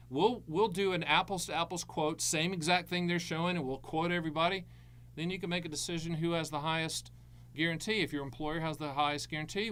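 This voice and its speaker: A man's voice: a little high, a bit bright. A middle-aged man hosting a live Q&A as an annuity advisor, answering viewer questions with breezy, jokey salesman patter.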